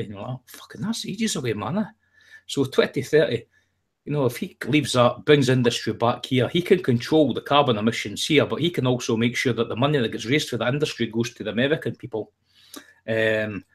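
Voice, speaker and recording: A man's voice: medium pitch, husky. A man rambling in casual chat, swearing freely and telling jokey stories. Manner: rambling, profane, jokey storytelling.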